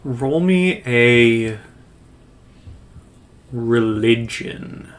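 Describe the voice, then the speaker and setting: A man's voice: mid-range voice, animated, very slow. A man acting as game master, explaining rules and narrating a figure's moves.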